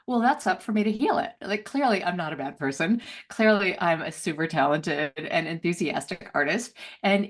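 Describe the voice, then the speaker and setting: A middle-aged woman telling a personal story as an interview guest, laughing often and acting out voices with big jumps in pitch. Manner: laughs often, many fillers.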